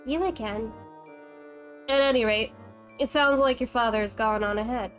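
A woman's voice: fairly high pitch, moderate pace, a bit bright, soft background music, close to an everyday voice. A woman streamer reading a cryptic, aloof man from a horror game in a cool, matter-of-fact way.

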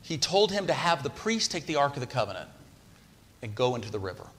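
A man's voice: medium pitch, big pitch swings, fast, fairly bright tone, a little hiss or hum. Conversational male preacher, reverberant hall. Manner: conversational, asks the congregation questions. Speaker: pastor. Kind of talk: sermon. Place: church sanctuary.

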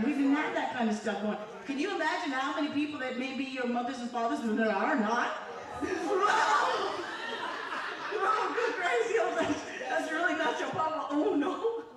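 A woman evangelist giving a conversational sermon full of testimony, with call-and-response asides to the congregation. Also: medium pitch. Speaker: evangelist preacher. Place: church sanctuary. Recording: echoey church filmed from far off. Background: congregation audible.

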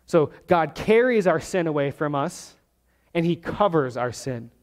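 A man preaching a sermon as pastor, teaching verse by verse and slowing down to stress key words. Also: fairly high pitch, lively intonation. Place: church sanctuary. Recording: long hall reverb.

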